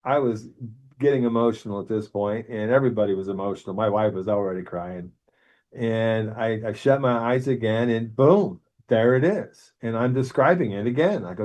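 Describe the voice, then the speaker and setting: Older man telling his near-death story. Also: mid-range voice. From Arizona. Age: 60s. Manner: earnest, animated when quoting others, halting restarts. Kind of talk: personal storytelling.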